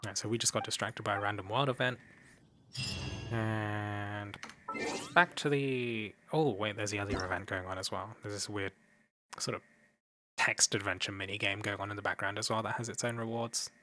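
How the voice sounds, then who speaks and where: A man's voice: fairly low pitch, steady tone, moderate pace, noisy background. A young man casually commenting on a game while streaming, chatting with viewers and swearing offhandedly.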